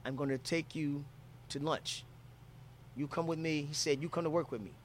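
A man's voice: on the high side, fairly even intonation, moderate pace, slight background noise. A man from Philadelphia telling a travel story in casual, profane talk, acting out quotes from people he met.

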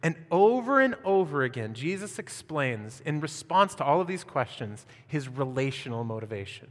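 A male pastor preaches with lively energy, reading scripture and then pressing the congregation with questions. His voice sits a little high for a man. The sound trails off into the long reverb of a church hall. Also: moderate pace. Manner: animated preaching with rhetorical questions. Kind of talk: sermon.

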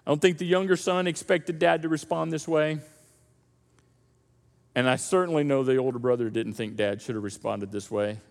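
A man preaching a sermon in a conversational, animated storytelling manner. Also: mid-range voice, normal speed, vocal fry, long reverb tail. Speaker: pastor. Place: church auditorium.

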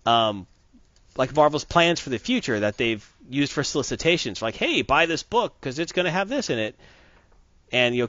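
Animated, rambling male comic reviewer. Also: medium pitch, dry recording. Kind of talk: casual podcast review chat. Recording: dull dry lo-fi recording.

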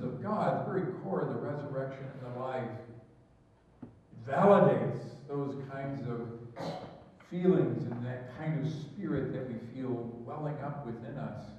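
A man preaching a sermon in an earnest, searching way, often repeating and restarting his phrases. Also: mid-range voice. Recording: echoey hall, distant mic, dull.

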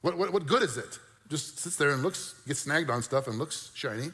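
A male pastor delivering an animated sermon, with bursts of mock disbelief and a conversational, joking aside. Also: fairly high pitch, normal speed, in a large hall. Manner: animated preaching with mock-incredulous outbursts.

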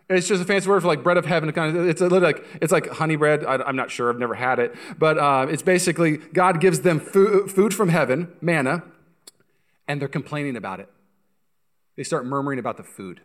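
A pastor preaching a sermon, telling stories with energy and speaking straight to the congregation. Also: male voice, a little high, brisk. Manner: animated storytelling, acts out voices, addresses congregation directly.

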